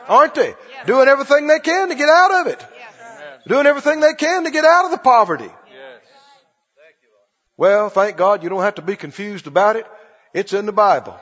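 High-pitched, animated preacher man. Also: breathy edge. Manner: animated, emphatic, repeats lines for stress. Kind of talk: sermon. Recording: dull lo-fi recording with long hall reverb.

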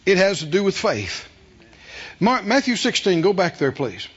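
Preacher man, real high lively voice, folksy, dull lo-fi sermon tape. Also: normal speed, slightly rough. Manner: animated, folksy storytelling with rhetorical questions to the congregation. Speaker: pastor.

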